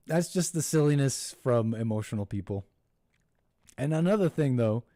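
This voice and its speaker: Warm and medium-pitched, the man's voice is dry and studio quality. Hosting a live call-in show from the United States, he rambles mockingly, impersonating the people he quotes, and his speech halts with many restarts and laughs.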